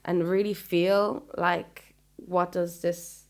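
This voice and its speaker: Calm, low-voiced Irish woman guest. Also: slow. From Ireland. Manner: calm, earnest, trailing "you know?". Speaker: guest singer-songwriter. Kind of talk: casual interview chat.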